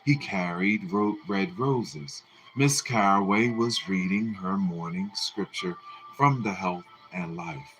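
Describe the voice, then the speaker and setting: Slow, expressive male book narrator. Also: on the low side, soft background music, poor audio. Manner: expressive, deliberate storytelling. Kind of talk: live book reading.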